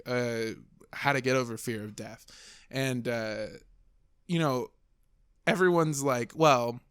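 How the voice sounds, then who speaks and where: Man, podcast guest, earnest rambler, average pitch. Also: fairly bright tone, smooth, no room sound. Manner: earnest, rambling, swears freely. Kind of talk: casual podcast chat.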